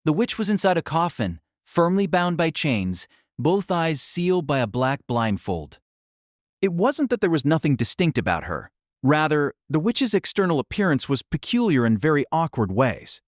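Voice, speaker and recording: A man narrating an audiobook with dramatic, expressive delivery. His voice is raised a little in pitch and swings widely in tone. The read is dry and close-miked, with no room sound. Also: normal speed, dry recording.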